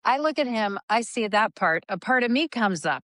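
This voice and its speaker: A woman in her fifties, a therapist guest talking in an animated way and sometimes acting out angry lines. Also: a little high, moderate pace, no room sound, clean studio sound. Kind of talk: conversational interview.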